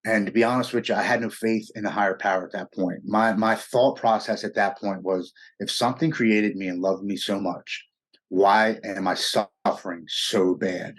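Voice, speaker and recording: A man in his forties from the United States, telling his personal recovery story in an earnest, halting way in an interview. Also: lowish voice, steady tone. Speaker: interview guest.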